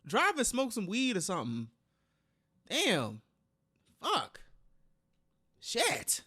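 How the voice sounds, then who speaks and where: A woman reacting to a story with a high voice that jumps around a lot. She is exclamatory and slangy, swears freely and argues with what she hears. The talk is casual commentary. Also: wildly swooping pitch, slow, pushed and bright, breathy edge. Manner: exclamatory, slangy and profane, talking back at the story. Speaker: reaction video host.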